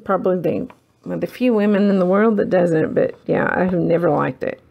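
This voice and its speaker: A woman's voice: on the low side, brisk, gravelly, muffled recording. A woman hosting a casual crafting tutorial, rambling and self-deprecating as she works. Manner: rambling, self-deprecating, talks while working.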